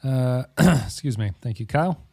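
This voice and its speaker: A man's voice: medium pitch, animated, moderate pace, gravelly, a little mellow, dry recording, studio quality. A man co-hosting a podcast in casual chat, rambling with many restarts and laughing easily. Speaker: podcast co-host.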